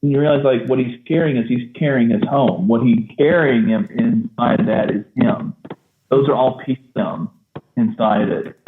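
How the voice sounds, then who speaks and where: A man co-hosting a casual film discussion podcast, animated and laughing often. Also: medium pitch, normal speed, reverberant, noisy background. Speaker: podcast co-host. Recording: tinny phone-like line.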